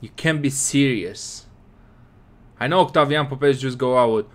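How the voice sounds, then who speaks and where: A man with casually commentating his football game, excitable and scolding his players. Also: on the high side, measured pace. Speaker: gaming commentator.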